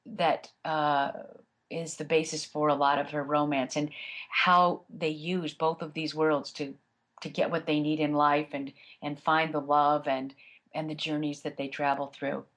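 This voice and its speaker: A woman's voice: low voice, little pitch movement, measured pace, a bit bright. A woman audiobook narrator answering interview questions in a chatty way, with many fillers and restarts.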